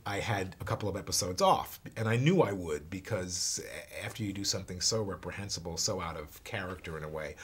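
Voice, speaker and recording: A man, an actor, telling a story in an interview, halting and repeating words, sometimes dropping to a hush. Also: low voice, breathy edge.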